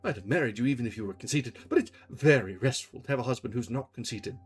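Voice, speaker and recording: A man reading aloud and voicing an affectionate, anxious young woman in love, in a soft, higher, fretful voice. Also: fast, breathy edge, faint music behind, lightly acted. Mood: tender.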